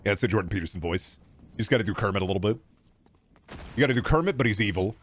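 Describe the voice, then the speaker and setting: A man's voice: lowish voice, lively intonation, very fast, dry recording. Guy streamer rambling and cussing while gaming, casual. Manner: rambling, crude, joking. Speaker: streamer host.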